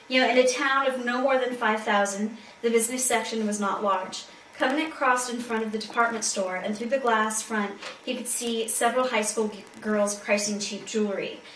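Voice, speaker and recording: A woman with a fairly high voice reads from a novel in a loose, giggly way. She is set back from the mic in a roomy space. A faint hiss sits under her. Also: fairly bright tone. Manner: informal, with many fillers and giggles. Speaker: co-host and reader. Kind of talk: casual reading and paraphrasing of a novel. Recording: roomy, distant amateur recording.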